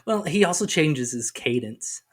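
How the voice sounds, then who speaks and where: A man's voice: fairly high pitch, animated, measured pace. A middle-aged man co-hosting a podcast in casual chat, rambling and self-deprecating, with frequent stammers and restarts. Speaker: podcast co-host.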